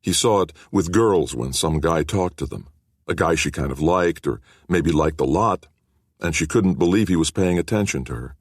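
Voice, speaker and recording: A man narrating an audiobook with expressive storytelling. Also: sits low, moderate pace, dry recording, studio quality. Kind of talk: scripted narration.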